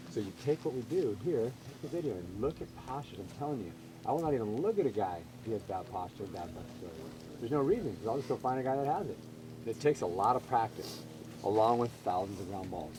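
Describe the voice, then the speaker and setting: A man coaching baseball infielders on a field, calling out short, energetic drill cues and explaining technique. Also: mid-range voice, fast, noisy background.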